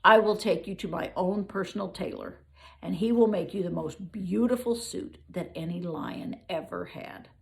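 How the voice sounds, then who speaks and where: A woman's voice: fairly low pitch, moderate pace, vocal fry. An older woman voicing a boastful, well-dressed uncle in a storybook reading. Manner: grand, boastful. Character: boastful dapper middle-aged uncle.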